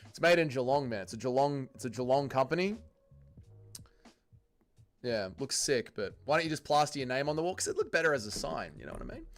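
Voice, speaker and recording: A man's voice: medium pitch, animated, brisk, faint music behind. Laughing Australian man streaming live. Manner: loud, laughing, swearing banter with chat. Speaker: livestream host. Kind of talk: casual livestream chat reading viewer comments.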